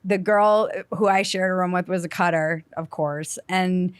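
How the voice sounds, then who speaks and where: A middle-aged woman hosting a podcast, telling stories in a casual, animated way and acting out the people in them. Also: lowish voice, unhurried, clean tone, dry recording, clean studio sound. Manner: animated storyteller, acts out voices. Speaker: podcast host. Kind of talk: casual storytelling chat.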